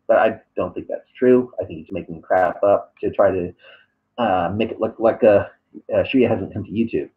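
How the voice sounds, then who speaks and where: A man's voice: fairly low pitch, moderate pace. A man reading out and answering online comments, sarcastic and hesitant, with many fillers. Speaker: YouTuber. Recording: tinny phone-like audio.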